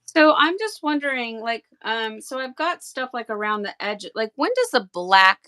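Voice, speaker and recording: A woman chatting on a craft livestream, thinking out loud and stumbling over her words as she asks questions. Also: fairly high pitch, lively intonation, moderate pace. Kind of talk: livestream craft demo chat.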